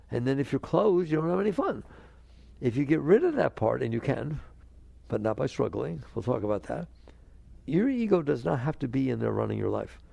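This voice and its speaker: A man's voice: mid-range voice, gravelly, dark tone, no echo. An older man giving a spiritual talk to an audience, asking them questions and acting out inner voices. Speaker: spiritual teacher.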